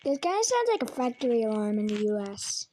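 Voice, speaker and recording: A woman's voice: on the high side, sing-song, fairly quick, mellow, a little hiss or hum. A woman casually reacting to alarm sounds, joking and giving blunt, offhand verdicts. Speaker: video creator rating alarm sounds.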